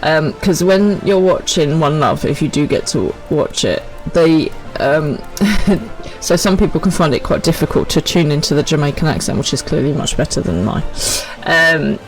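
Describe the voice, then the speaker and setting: A woman chats casually with her viewers as she plays a game on stream. She talks in quick, friendly asides. Soft game music runs faintly in the background. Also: low voice, expressive, low-quality recording. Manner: chatty, quick asides with laughs. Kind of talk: casual live-stream chat.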